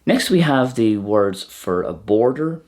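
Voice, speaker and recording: A man teaching a language lesson, who speaks slowly and deliberately and says each word twice so learners can catch how it sounds. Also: medium pitch, sing-song, a little mellow.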